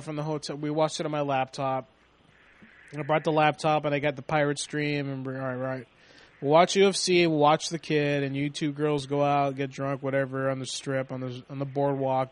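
On a casual, profane chat show, a male co-host with a rather high voice talks fairly quickly. He tells animated stories, swears a lot and acts out the quotes.

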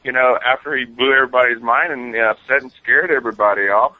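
A man's voice: medium pitch, steady tone. Slangy man on a dull lo-fi line. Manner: loose, slangy, drawn-out storytelling. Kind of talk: casual radio chat.

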